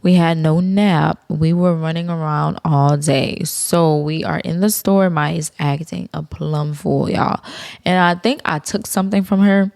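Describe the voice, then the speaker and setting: Young woman chatting on her podcast, low voice with lots of gravel, dry close sound, slangy and cussing, talks to y'all. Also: steady tone, a little slow, darkish tone, no echo. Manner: slangy, profane, chatty, addresses listeners as y'all. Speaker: podcast host. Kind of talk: casual solo podcast chat.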